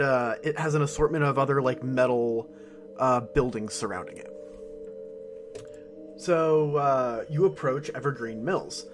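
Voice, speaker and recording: A man's voice: mid-range voice, a bit bright. A man narrating as game master of a tabletop game, casual and full of fillers. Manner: casual and filler-heavy, lots of "uh" and "like", quick to laugh.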